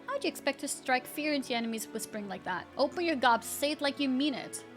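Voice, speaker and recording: Woman voicing a gruff, insulting male drill sergeant in a game, fairly high voice, faint music behind. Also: animated, fast. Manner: barking, insulting orders.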